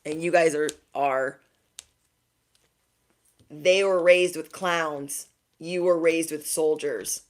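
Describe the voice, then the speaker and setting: A young woman with a low-set voice speaks straight to her viewers in a spiritual pep talk. She is emphatic and full of slang, and keeps checking in with a pointed "okay?" as an intuitive reader. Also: steady tone, takes it slowly, long pauses.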